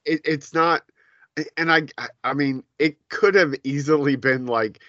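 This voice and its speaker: Bright-voiced man telling stories. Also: a little high, measured pace, no echo, dull audio. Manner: animated storytelling, laughs often. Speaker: podcast co-host. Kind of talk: casual chat.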